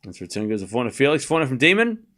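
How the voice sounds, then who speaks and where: The voice is male, medium-pitched and sing-song, very fast and a bit bright. It belongs to a young man hosting a casual live tennis watchalong, calling the score and answering chat with teasing mock anger.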